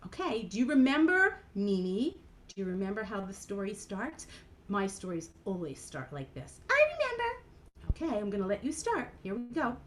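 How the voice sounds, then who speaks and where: A woman's voice: medium pitch, sing-song, normal speed, slight background noise. A woman cantor leading a playful children's program over a video call, animatedly guiding kids through movements.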